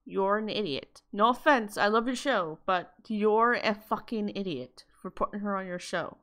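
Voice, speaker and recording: A woman's voice: medium pitch, moderate pace, fairly bright tone. A woman vlogger in a heated, blunt rant, swearing freely as she talks to her viewers. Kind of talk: angry vlog rant.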